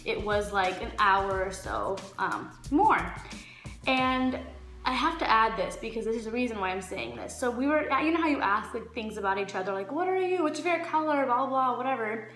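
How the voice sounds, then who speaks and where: A young woman in her twenties, pitched a little high, tells a story-time tale in a loose, chatty way, acting out what everyone said. Her voice rings in an echoey room with faint music underneath. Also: moderate pace. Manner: animated storytelling, acts out quotes. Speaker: vlogger.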